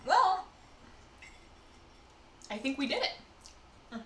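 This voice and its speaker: A woman's voice: high voice, big pitch swings, slow, sharp tone. A woman streamer chatting casually while she bakes at home, rambling from one aside to the next. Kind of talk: casual live-stream chat while baking. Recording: roomy echo, faint background noise.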